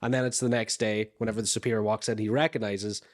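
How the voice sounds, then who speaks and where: Easygoing podcast co-host thinking aloud. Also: male voice, lowish voice, flat delivery, fast talker. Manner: agreeable, thinks aloud with many fillers. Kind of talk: casual brainstorming chat.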